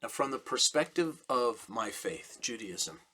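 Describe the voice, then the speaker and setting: A middle-aged man, a rabbi, giving a slow, deliberate sermon with emphatic repetition. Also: medium pitch, big pitch swings, bright, forceful tone, breathy edge. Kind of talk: recorded sermon message.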